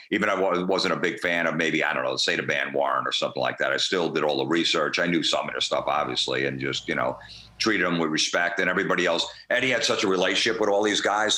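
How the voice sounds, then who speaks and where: A comedian being interviewed, telling rambling, profane, laid-back anecdotes in a casual way. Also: male voice, sits low, sharp tone, echoey room. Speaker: comedian guest.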